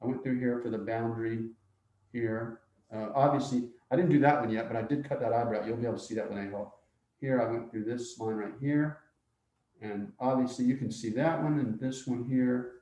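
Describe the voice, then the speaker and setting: Mellow-voiced man teaching, roomy lo-fi sound. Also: medium pitch, steady tone, a little fast. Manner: thinks aloud, often checks in with "okay?". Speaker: art teacher. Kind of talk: live demonstration lesson. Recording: dull roomy lo-fi recording.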